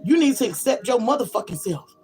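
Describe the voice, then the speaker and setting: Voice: mid-range voice, expressive, fast, a little mellow, soft background music, low-quality recording. Blunt, profane spiritual pep talker. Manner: blunt, profane and emphatic, often asks "you feel me?". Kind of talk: casual spiritual pep talk.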